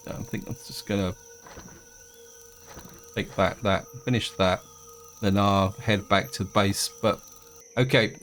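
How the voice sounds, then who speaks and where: A man's voice: lowish voice, a little hiss or hum. A man casually commenting on his own gameplay, thinking aloud as he plays. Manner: relaxed, thinking aloud while playing. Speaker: gaming video host.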